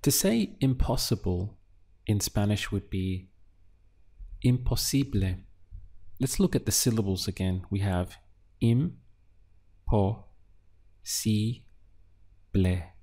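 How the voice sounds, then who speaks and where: A man teaching a beginner language lesson, drilling words syllable by syllable with patient pauses. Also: lowish voice, lively intonation, warm tone, husky. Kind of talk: slow, deliberate language lesson.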